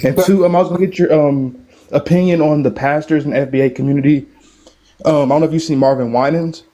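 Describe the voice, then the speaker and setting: A man's voice: fairly high pitch, steady tone, fast, dark tone. A man calling in to a live stream, laying out his points matter-of-factly. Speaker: caller. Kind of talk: casual call-in chat.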